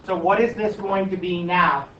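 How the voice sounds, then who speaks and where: A man's voice: high-pitched, fairly even intonation, normal speed, sharp tone. A male math teacher questioning and coaxing his students through a problem in class. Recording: echoey classroom from far off, dull, light noise.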